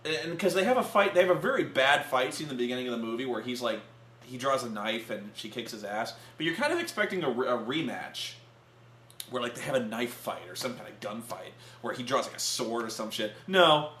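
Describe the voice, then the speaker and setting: A man chatting casually in a comedic movie review, animated and prone to shouting out quotes. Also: medium pitch, brisk, echoey room, a little hiss or hum.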